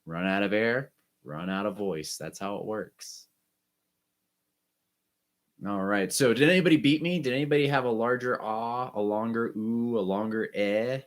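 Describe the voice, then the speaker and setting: A man teaching an online music lesson, guiding students through breathing and warm-up exercises with short, encouraging instructions. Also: mid-range voice, unhurried, pauses often.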